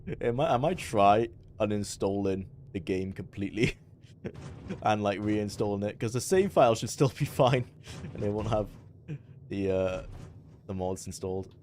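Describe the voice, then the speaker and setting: Welsh guy, kinda low voice, chatty gamer talk, yelling orders at his squad. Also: normal speed, a little hiss or hum. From Wales. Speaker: livestreamer. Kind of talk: live gameplay commentary.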